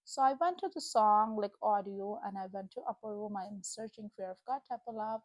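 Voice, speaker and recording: A woman's voice: medium pitch, brisk, few pauses, no echo. A young woman sharing a personal faith testimony in an earnest, emotional, chatty way with lots of fillers. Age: young adult. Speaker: Christian vlogger. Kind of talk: casual spoken testimony.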